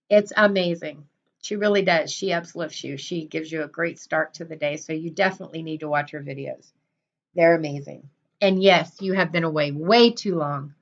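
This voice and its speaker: A woman's voice: medium pitch, fairly bright tone. Woman, middle-aged, livestream host, effusive, repeats herself, muffled lo-fi audio. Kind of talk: casual livestream chat greeting viewers.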